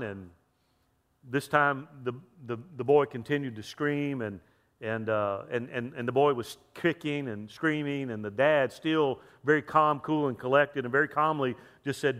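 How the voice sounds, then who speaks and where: Male pastor, fairly high voice, chatty sermon in a big echoey church. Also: measured pace, a bit bright. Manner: chatty, repeats words, asks the crowd questions. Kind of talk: sermon with jokes and a story. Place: church sanctuary. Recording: long reverb of a large hall.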